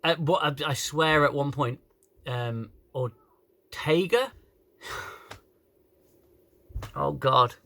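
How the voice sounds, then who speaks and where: A fed-up man rants his way through a review, swearing freely and tripping over his own words. His voice sits a touch high for a man, and it comes through a camera phone. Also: gravelly, bright, forceful tone. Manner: exasperated, sweary, halting with restarts. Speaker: YouTube reviewer. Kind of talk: casual rant review.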